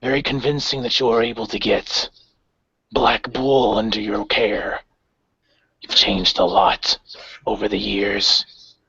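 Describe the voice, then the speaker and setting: A man's voice: lowish voice, creaky, husky, no echo, pitched below the performer's own voice, heavily acted. A man playing a cold menacing gang leader. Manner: measured, menacing calm. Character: grim cold male gang leader, phantom-like. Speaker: player voicing his character. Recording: dry, dull lo-fi recording.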